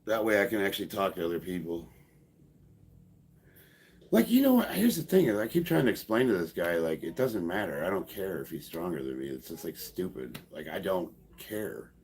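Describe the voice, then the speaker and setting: A man's voice: low-pitched, sing-song, moderate pace, darkish tone, husky. A man in his fifties, a powerlifter chatting casually on a live stream, sarcastic and profane, laughing often. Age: 50s.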